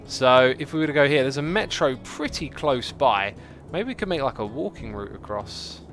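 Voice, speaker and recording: Guy rambling through a city builder stream, mid pitch, little bits of music behind. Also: lively intonation, fairly bright tone. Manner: chatty, talks to the game and to chat, quick exclamations. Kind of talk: casual livestream commentary. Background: faint background music.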